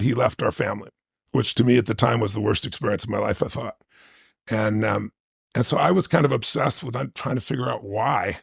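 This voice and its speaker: A man's voice: medium pitch, creaky, husky, no echo, studio quality. A man telling a personal story as a podcast guest, vividly acting out the voices of the people in it. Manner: vivid storytelling, acts out quotes.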